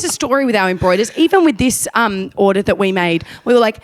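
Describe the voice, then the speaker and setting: An Australian woman co-hosting a podcast tells stories in casual chat, animatedly acting out what people said. Her voice is medium-pitched and she speaks a little fast.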